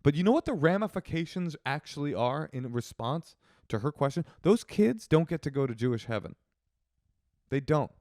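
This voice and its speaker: A man co-hosting a comedy podcast, chatting casually in an animated, mock-outraged, joking way. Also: on the high side, moderate pace, no echo, studio quality. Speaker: podcast co-host.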